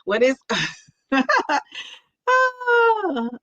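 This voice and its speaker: A woman's voice: extremely high pitch, big pitch swings, very slow, sharp tone, no room sound, muffled recording. A woman hosting a livestream, reading viewer comments aloud and reacting with frequent laughter and repeated "yes, yes.". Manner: chatty with false starts. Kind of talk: casual chat.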